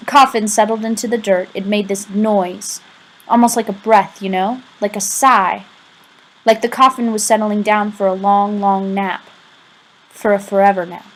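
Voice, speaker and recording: This audiobook reader, a woman with a medium-pitched voice, narrates a first-person novel as if confiding in the listener, with casual asides. The audio is poor.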